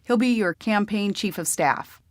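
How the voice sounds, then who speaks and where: A woman reading as a brisk male campaign boss. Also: high-pitched, dry recording. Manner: businesslike, prodding.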